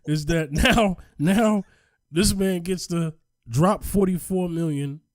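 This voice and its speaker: A man hosting a casual podcast discussion, animated and emphatic, often repeating himself for effect. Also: sits high, takes it slowly, dry recording, clean studio sound. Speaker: podcast host.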